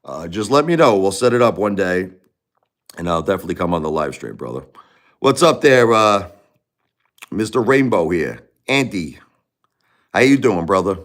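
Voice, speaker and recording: Forties male streamer with a Brooklyn accent; loose, chatty, rambling delivery, slightly low voice. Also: very animated, moderate pace, long pauses, a bit bright. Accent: New York (Brooklyn). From New York. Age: 40s. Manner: rambling and chatty, full of "you know" and restarts. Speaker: live streamer. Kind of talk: casual live-stream chat.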